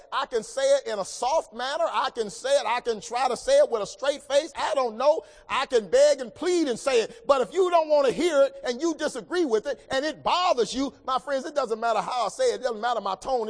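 High-voiced preacher in a reverberant hall. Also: male voice. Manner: preaching with swings from loud to hushed. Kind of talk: sermon.

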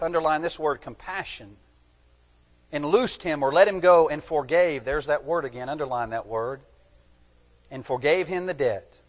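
A man delivers a sermon in a church sanctuary, his slightly high voice trailing off in the long reverb of a large hall. He reads old-fashioned scripture aloud, then breaks off to press home key words in an emphatic teaching manner. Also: normal speed, long pauses. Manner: emphatic, teaching, tells listeners to underline words. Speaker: preacher.

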